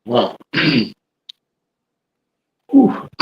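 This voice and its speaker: A man's voice: fairly low pitch, huge pitch swings, extremely slow, long pauses, reverberant, muffled recording. A man hosting a talk show who reacts to his guest with short, encouraging remarks. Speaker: host. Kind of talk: casual interview chat.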